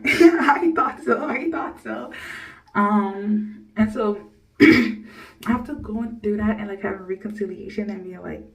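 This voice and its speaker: A woman's voice: mid-range voice, a little slow, long pauses, distant mic, low-quality recording. A woman in her early twenties telling a personal story to camera in a rambling, blunt way, swearing freely and laughing often. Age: early 20s. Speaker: vlogger.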